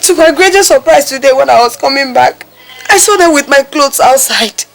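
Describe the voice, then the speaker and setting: A woman's voice: lively intonation, moderate pace, creaky. An actress with a Nigerian English accent playing a hot-tempered young woman who scolds her little brothers and calls on God. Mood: complaining. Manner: shrill scolding, exclaiming to God. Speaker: elder sister Juliana. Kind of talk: Nollywood film acting. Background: film score music.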